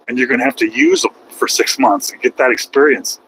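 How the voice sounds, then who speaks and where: A man's voice: mid-range voice, huge pitch swings, brisk, gravelly, a bit bright, slight background noise, rough recording. A middle-aged man, a truck driver, chatting casually and rambling with a folksy manner while driving his truck, swearing now and then. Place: truck cab on the road.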